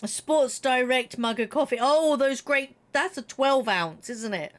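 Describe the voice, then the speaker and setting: Woman, middle-aged, chatty game streamer, giggly, slightly froggy throat, fairly high voice. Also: expressive, measured pace. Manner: chatty, giggly, reads chat aloud. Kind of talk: casual live-stream chat while playing.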